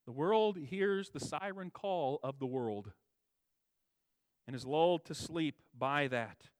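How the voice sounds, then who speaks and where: A man delivers a sermon in a somewhat high voice, recorded dry and close with no room sound. He repeats and rephrases his points, leaning hard on stressed words before dropping low and soft. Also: slow, no echo. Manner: emphatic, swings between raised stresses and quiet low asides; repeats and restates phrases for emphasis. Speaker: pastor.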